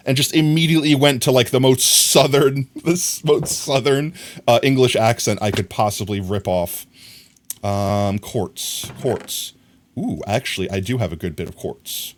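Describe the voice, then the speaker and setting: At a moderate pace and in a mid-range voice, a man from the United States chats his way through a game livestream from his home room, his dog with him. He rambles casually, addressing his chat and reading messages out loud.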